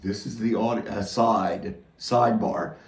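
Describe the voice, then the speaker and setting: A man preaching a loose, rambling sermon, moving between quiet, halting prayer and loud, excited retelling. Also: lowish voice, reverberant, recorded from a distance, poor audio.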